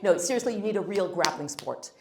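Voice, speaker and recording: A woman's voice: mid-range voice, expressive, brisk, crowd noise. A woman giving a blunt, emphatic workshop talk on first impressions, with joking asides to the audience. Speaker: guest speaker on first impressions. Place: meeting room. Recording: roomy room echo.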